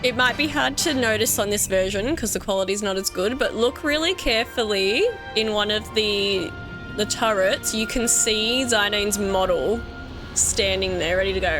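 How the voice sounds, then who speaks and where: A woman in her thirties with an Australian accent, giving gushing, excitable commentary on a game she loves. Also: medium pitch, normal speed. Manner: excitable and gushing, laughs often. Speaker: let's play gamer. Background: faint game music.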